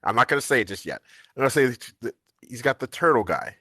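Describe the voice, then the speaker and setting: A man from the United States chatting casually on a live stream as co-host, telling animated family stories and laughing often. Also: mid-range voice, fast talker, breathy edge, no echo.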